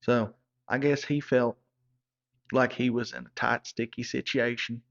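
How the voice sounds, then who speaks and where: A man's voice: mid-range voice, little pitch movement, unhurried, creaky, fairly bright tone. A man telling a rowdy, profane comic story in a rambling backwoods way, as a regular storyteller. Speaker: comedic storyteller. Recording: dull lo-fi recording.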